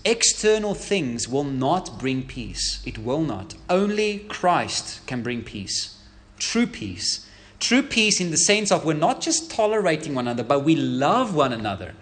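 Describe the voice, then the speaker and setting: A man's voice: a little high, a bit bright. A man preaching a sermon as a pastor, emphatic, asking the congregation rhetorical questions.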